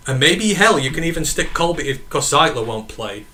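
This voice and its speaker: Against a noisy background, a man with a northern English accent takes live chat questions on his laid-back sports podcast, rambling and correcting himself. His voice is a little high and expressive, at a moderate pace.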